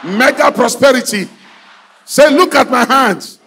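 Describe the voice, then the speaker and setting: A man preaching a fiery sermon, leading the crowd in call-and-response chants and bursting into shouts. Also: very high-pitched, measured pace, gravelly, breathy edge. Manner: exhorting, repetitive, bursts into shouts.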